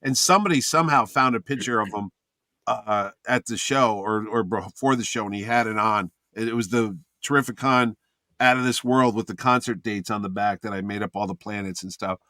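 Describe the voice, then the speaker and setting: A man telling a lively convention story in casual chat, acting out what others said. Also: fairly low pitch, a little fast, no echo, clean studio sound. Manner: animated anecdote teller, acts out quoted voices.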